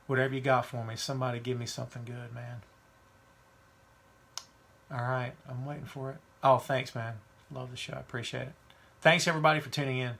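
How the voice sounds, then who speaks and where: A man's voice: medium pitch, flat delivery, a little fast, vocal fry, a bit bright. A man hosting a wrestling podcast, talking casually and giving strong opinions while reading viewer questions. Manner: chatty, opinionated, reads live chat questions. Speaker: podcast host.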